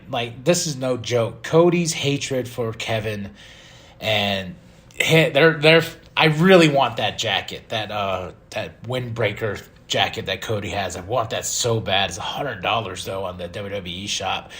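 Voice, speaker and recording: A man hosting a podcast, giving an excitable casual recap with frequent laughs and sudden exclamations. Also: fairly low pitch. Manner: excitable, animated, laughs often. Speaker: podcast host.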